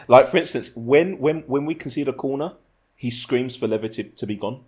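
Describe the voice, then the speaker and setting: A man's voice: medium pitch, fairly quick, darkish tone. A man hosting a casual podcast, telling rambling stories and laughing often. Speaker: podcast host.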